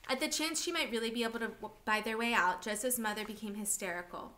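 Bright-voiced woman reading a novel. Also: fairly high pitch, fast talker. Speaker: reader of a novel for a class. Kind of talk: novel read aloud.

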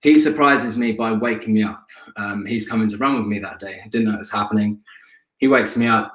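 Animated man telling a story, echoey room. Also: lowish voice, a little fast, a little hiss or hum. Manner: animated storyteller, acts out quotes, swears freely. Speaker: guest, ultra endurance athlete. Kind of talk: casual storytelling in a live interview.

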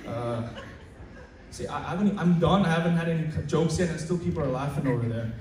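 A male student in his late teens doing stand-up comedy at school, chatty and stammering, loudly acting out his teachers. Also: a little high, fairly quick, crowd noise. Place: school hall with an audience. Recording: echoey hall recorded from far off. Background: audience laughter and room noise.

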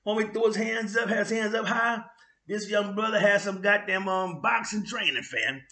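A man with a New York accent hosting his own vlog, telling a street story in slang with sound effects and loud bursts. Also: high voice, moderate pace, echoey room. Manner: animated street slang with frequent "you know what I'm saying". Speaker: vlog host. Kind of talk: casual storytelling monologue.

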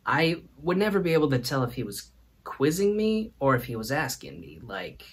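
A man's voice: on the high side, sing-song, normal speed, husky. A man hosting a comedic monologue, teasing and playful in his delivery. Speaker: host.

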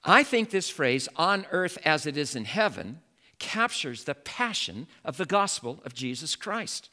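A male pastor preaching a sermon in an animated way, building to emphatic exclamations. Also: a little high, measured pace.

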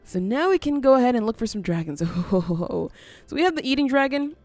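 A woman from the US near the Canadian border hosts a gaming video, giving casual let's-play commentary on a building game. She thinks aloud with frequent little laughs, her fairly high voice swinging widely in pitch, fairly quick and a little mellow.

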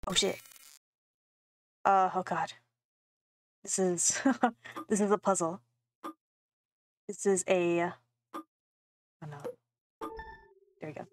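A woman's voice: mid-range voice, unhurried, pauses often, dry recording. A young woman playing a game, reading its texts aloud and reacting with casual, laughing, swearing commentary. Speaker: gaming streamer. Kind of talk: casual let's play commentary.

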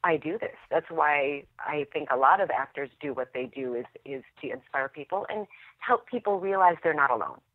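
A woman actress telling stories as a podcast guest, animated and laughing often. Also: low voice, moderate pace, no room sound. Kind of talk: interview storytelling. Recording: dry tinny phone line.

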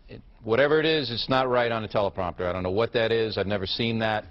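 A man's voice: fairly low pitch, fast. A man hosting a TV news show, puzzled at the teleprompter and breaking into furious swearing. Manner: bewildered, then furiously swearing. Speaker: TV news host. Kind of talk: studio rehearsal with a teleprompter. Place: TV studio. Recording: dull lo-fi archive broadcast audio.

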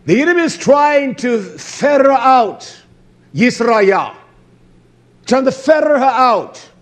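A very high-pitched, very animated man preaches slowly. As a pastor telling stories, he leans on repeated phrases and blunt swearing, his voice growing louder for emphasis.

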